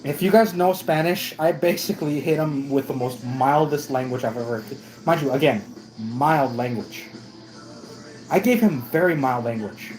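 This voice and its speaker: A man from the United States tells a story in a casual vlog. He rambles, restarts his sentences and fixes his own words as he goes, at an average pitch. Faint music plays in the background. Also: moderate pace, darkish tone, rough recording. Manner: rambling, self-correcting, with many restarts. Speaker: vlogger.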